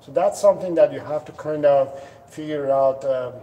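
On a relaxed live stream from his home, with dogs around, a man who trains dogs patiently explains his answers to viewers' questions and now and then acts out a dog's thinking in playful voices. His voice is fairly high with a dark tone and a moderate pace. The audio is muffled and the mic sits far away.

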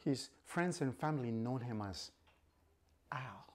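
A man's voice: medium pitch, animated, measured pace. Whispery dramatic male storyteller. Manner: hushed, dramatic, often whispering.

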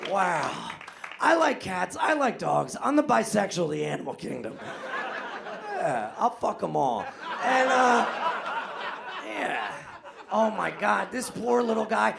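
Manic high-voiced male comedian, live club. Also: big pitch swings, a little slow, gravelly, a crowd in the background. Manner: loud, manic and self-mocking, frequently laughing at his own jokes. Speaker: stand-up comedian. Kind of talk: live stand-up comedy set. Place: comedy club stage in front of a live audience. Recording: live club recording with audience noise. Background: audience laughter.

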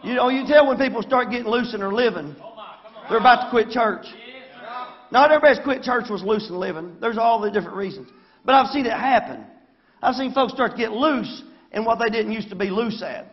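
A man's voice: extremely high pitch, expressive, brisk, highs cut off. A man with a Southern accent preaching a folksy sermon in church, often asking the congregation for an amen. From Arkansas. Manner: folksy, calls for amens. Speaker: pastor. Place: church sanctuary.

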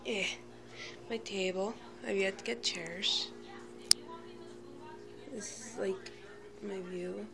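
Gravelly-voiced woman vlogging slowly. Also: medium pitch, a loud crowd. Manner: rambling, with many fillers and restarts; monotone, by her own account. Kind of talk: casual home vlog talk.

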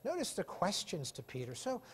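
A man's voice: high-pitched, huge pitch swings, normal speed, husky. A male pastor preaching an impassioned sermon full of rhetorical questions in a church sanctuary. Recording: long reverb of a church hall.

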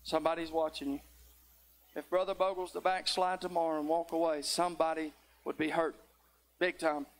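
A man's voice: a little high, little pitch movement, a little fast. A middle-aged man, preaching a folksy sermon that builds into fervent exhortation. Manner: tired near the end.

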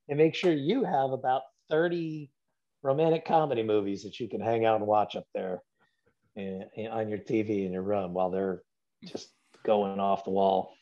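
A man's voice: medium pitch, muffled recording. A middle-aged man, a guest actor, chatting casually and rambling with fillers on a video call. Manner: relaxed, rambling with fillers and restarts. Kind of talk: casual podcast chat.

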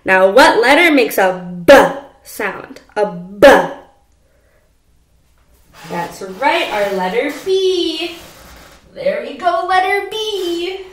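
A woman teaching a preschool phonics lesson from home, speaking slowly and repeating letter sounds for young children. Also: high-pitched, lively intonation, echoey room, a little hiss or hum. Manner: slow, sing-song, repeats sounds for children. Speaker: pre-K teacher.

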